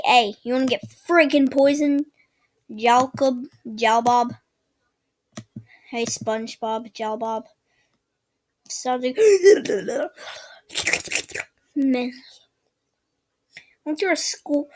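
A woman talks through her game in a high voice, giggling and exclaiming as things happen. Her commentary is chatty and excitable, yet her pace stays slow and easygoing. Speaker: gamer. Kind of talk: let's-play commentary.

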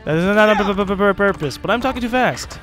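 A man's voice: high-pitched, fast, a bit bright, faint music behind. A man giving casual commentary as he plays a video game, rambling, joking and swearing often. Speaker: let's play host.

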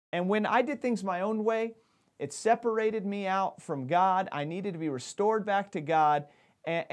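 A man preaching a sermon as pastor, talking animatedly and often restarting his phrases. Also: high voice.

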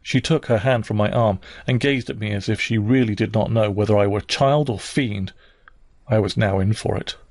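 A man narrating a classic novel as an audiobook reader, measured and unhurried. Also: fairly low pitch, darkish tone, dry recording. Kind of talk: scripted narration.

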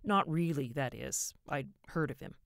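A woman's voice: low-pitched, lively intonation, moderate pace, creaky, dry recording, studio quality. A woman voicing an anxious, shaken young man who talks in a breathless, hesitant way.

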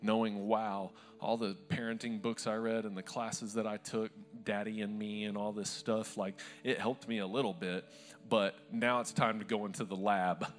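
A man's voice: fairly low pitch, level tone, normal speed, faint music behind. A male pastor preaching a sermon to a live church congregation, telling stories in a conversational, humorous way.

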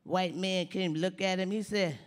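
An actress playing an elderly woman stand-up comic, telling folksy jokes with slow, sly punchlines on a theater stage. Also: on the low side, fairly even intonation, natural voice. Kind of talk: live stand-up comedy routine in a play. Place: theater stage before an audience. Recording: long hall reverb of a live theater.

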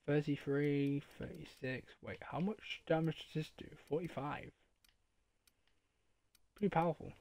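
A man streaming a video game live, commenting as he plays, with loud excited outbursts and swearing. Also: a little high, unhurried, pauses often. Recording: game music behind. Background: game music.

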